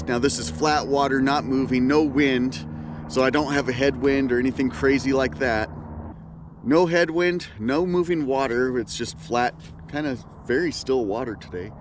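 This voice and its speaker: A man hosting an outdoors video, casually explaining things as he goes while out on a kayak on a small lake. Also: mid-range voice. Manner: relaxed, thinking aloud, explaining as he goes. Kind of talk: casual on-the-water commentary. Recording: loud outdoor background noise.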